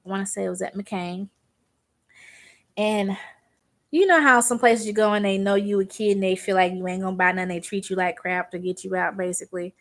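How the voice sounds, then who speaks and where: A woman's voice: medium pitch, steady tone, fairly quick. A young woman from Arkansas doing her makeup on camera, talking in a rambling, conversational way and telling a story. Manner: rambling and conversational, Southern slang. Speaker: beauty vlogger. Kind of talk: chatty makeup tutorial storytelling.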